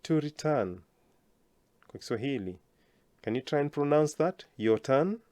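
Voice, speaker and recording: A man teaching a language lesson, slowly enunciating words for learners to repeat and praising them often. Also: mid-range voice, expressive, darkish tone, no echo.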